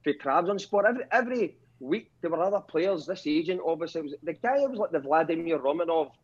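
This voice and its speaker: A man's voice: a little high, lively intonation, fast. A Scottish man with a Glaswegian accent telling a story as a caller, with wry self-mockery and a fair bit of swearing. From Scotland. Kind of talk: casual storytelling. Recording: dull lo-fi call line.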